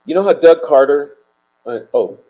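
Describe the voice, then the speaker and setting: A man's voice: on the high side, lively intonation, normal speed, lo-fi sound. A man hosting a casual livestream, rambling and swearing emphatically as he chats and answers viewer comments. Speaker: livestream host.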